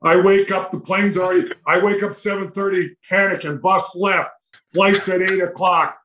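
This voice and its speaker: An older man spins rambling hockey road stories as a podcast guest, acting out the dialogue with lively energy. His voice sits a little high for a man. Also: moderate pace, slight background noise, rough recording. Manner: animated, rambling anecdotes with quoted dialogue. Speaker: retired hockey player, guest. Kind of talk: storytelling in a podcast interview.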